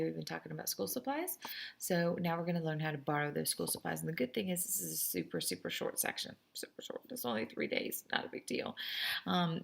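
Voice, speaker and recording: Hoarse, gravelly woman teaching French. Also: fairly low pitch. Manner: chatty, teasing, slows down to model French phrases. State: going a little hoarse. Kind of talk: classroom lesson recorded for students.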